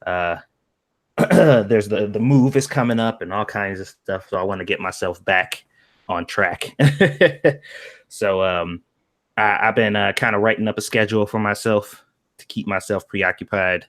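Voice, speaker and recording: A man's voice: on the low side, unhurried, fairly bright tone. Rambling man chatting on a stream. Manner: rambling, lots of fillers, irritated jabs. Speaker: stream co-host. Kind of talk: casual chat on a stream.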